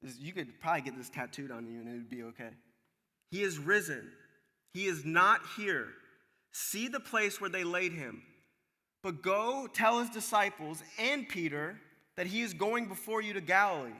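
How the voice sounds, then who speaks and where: A pastor preaches a sermon in a large hall, speaking in a high-pitched voice at normal speed. He reads scripture and retells it casually and animatedly, acting out the people in the story.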